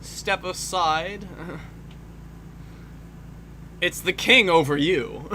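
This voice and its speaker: A man's voice: high-pitched, extremely slow, sharp tone, a little hiss or hum. A man giving casual film commentary, swearing freely and laughing often.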